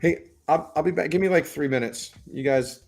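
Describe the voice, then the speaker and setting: A middle-aged man hosting a livestream, chatting in a relaxed, rambling way. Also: on the high side, normal speed, gravelly. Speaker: livestream host. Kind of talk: casual chat. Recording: faint music in the background.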